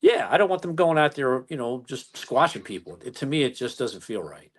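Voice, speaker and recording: A man's voice: mid-range voice, fairly quick, a crowd in the background. A man in his sixties, a police chief from the United States, animatedly telling stories in an interview. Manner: animated storyteller who acts out dialogue. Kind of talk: storytelling interview.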